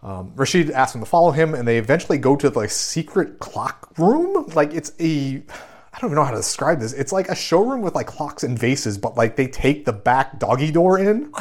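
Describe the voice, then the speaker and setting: A man's voice: fairly high pitch, normal speed. A man hosting a podcast, casually recapping a film scene by scene with many fillers. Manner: relaxed, filler-heavy recap. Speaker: podcast host.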